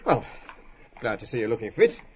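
A man's voice: lowish voice, sing-song, darkish tone, a little hiss or hum. A chatty man, McCoy. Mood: eager chat. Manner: quick, eager, slightly pushy small talk. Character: chatty middle-aged Dublin man, McCoy. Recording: dull lo-fi radio drama recording.

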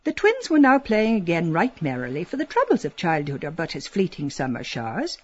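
A woman narrating a literary audiobook in an expressive, lilting storytelling manner, dropping to a hush at times. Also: lowish voice, brisk, breathy edge, highs cut off. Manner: expressive, lilting storytelling with soft hushed passages.

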